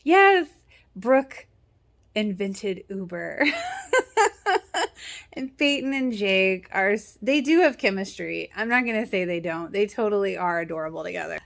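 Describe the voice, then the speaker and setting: A woman's voice: medium pitch, normal speed, gravelly, fairly bright tone. Chatty woman recapping a TV episode. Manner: chatty, sarcastic, acts out character lines. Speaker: TV show reaction vlogger. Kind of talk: casual recap chat.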